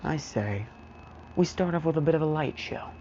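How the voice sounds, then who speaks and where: A man's voice: on the high side, expressive, moderate pace, dark tone, muffled recording, a little hiss or hum, voice pushed up, close to an everyday voice. A man voicing a cool, unbothered young male mercenary in a laid-back, matter-of-fact way. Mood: deadpan.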